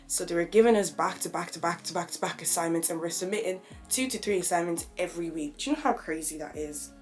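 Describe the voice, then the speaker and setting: A woman's voice: on the low side, quick pace, faint music behind. A young woman, talking openly and reflectively in a personal vlog. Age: young adult. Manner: open, conversational, reflective. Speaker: vlogger.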